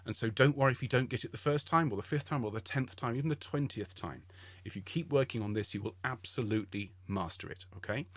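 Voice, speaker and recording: Middle-aged male choir leader, patient and encouraging, close dry sound, mid pitch. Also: no echo. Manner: encouraging, patient, explains step by step with frequent "okay?". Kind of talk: online singing warm-up lesson.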